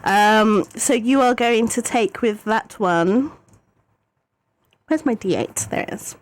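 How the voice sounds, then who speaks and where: Woman DM, fairly high voice, chatty and giggly, reads out rolls quickly. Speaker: dungeon master. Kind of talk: running a tabletop game on stream.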